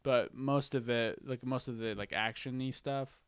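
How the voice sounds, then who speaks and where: A man's voice: mid-range voice, fairly even intonation, moderate pace, smooth, dry recording. A man co-hosting a casual podcast chat, easygoing and trailing off mid-thought. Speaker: podcast co-host.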